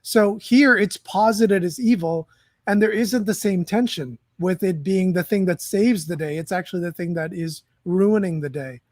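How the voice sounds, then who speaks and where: A man hosting a casual conversation about films, speaking in a measured, reflective way and often searching for words. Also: high-pitched, no echo, clean studio sound. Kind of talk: casual film chat.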